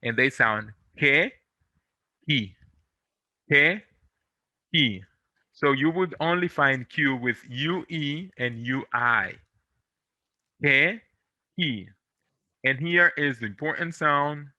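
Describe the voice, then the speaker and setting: A man from America, teaching pronunciation in English, patiently drilling syllables and gently encouraging. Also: a little high, animated, no echo, highs cut off. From Latin America. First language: Spanish. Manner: patient, drills syllables slowly and repeats them; encouraging, gently corrects and reassures. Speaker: Spanish teacher. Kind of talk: online pronunciation lesson.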